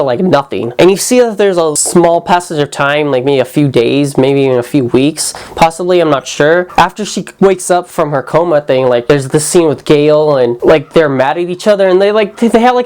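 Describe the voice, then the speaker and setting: Brief: young male vlogger, casual and animated, slangy review rant. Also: high voice. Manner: animated, slangy, lots of "like" and mock quotes. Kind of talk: casual movie review vlog.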